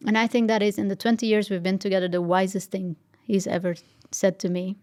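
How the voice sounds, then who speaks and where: A woman's voice: mid-range voice, flat delivery, brisk, hardly any pauses, a little mellow. A woman as a podcast guest, telling a personal story in an earnest, reflective way, sometimes dropping almost to a whisper. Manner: earnest, reflective, drops to a near-whisper at tender moments.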